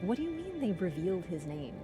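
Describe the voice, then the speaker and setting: A woman livestreamer in casual chat, animated and teasing toward viewers and swearing casually. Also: fairly low pitch, a little fast, music in the background.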